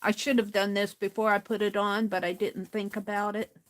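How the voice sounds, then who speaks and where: A woman's voice: mid-range voice, flat delivery. A woman hosting a craft livestream, chatting casually and muttering to herself as she works. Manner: muttering to herself while working, slow and unhurried.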